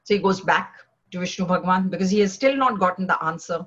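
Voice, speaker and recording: A woman telling a devotional story in an animated way, acting out the characters' lines. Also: fairly low pitch, fast, muffled recording. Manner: animated, voices characters, laughs while telling.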